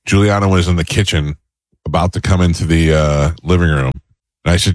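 A man hosts a morning radio show from the studio, telling dry, wry stories. His voice sits very low and he talks fast. The sound is dry and close, with no room in it. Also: steady tone, no echo. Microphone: studio microphone.

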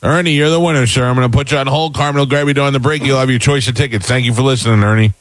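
A man's voice: mid-range voice, fairly even intonation, very fast, no echo. A man hosting a morning radio show, easygoing, running the segments and taking calls. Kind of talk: casual morning radio banter.

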